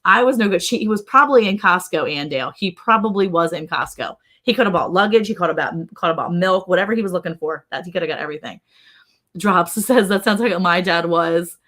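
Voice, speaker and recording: A woman's voice: fairly low pitch, fast. A middle-aged woman hosting a casual live-stream chat. She tells family stories with animation, laughs often, and jumps her voice up to act out relatives' lines. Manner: animated storyteller who acts out relatives' lines in a raised voice; laughs often while talking. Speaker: host.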